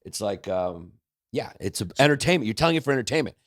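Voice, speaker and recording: A man who is a comedian guest on a podcast, chatting casually in a halting way that trails off with fillers. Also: mid-range voice, lively intonation, a bit bright, dry recording, studio quality. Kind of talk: casual chat.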